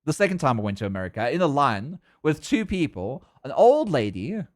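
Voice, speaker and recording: A young man with a South African accent talks in a casual, excitable way. His voice sits a little high and swings widely in pitch. He stammers and repeats words as he gets carried along. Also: a little fast. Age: young adult. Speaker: livestreamer. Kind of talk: casual chat.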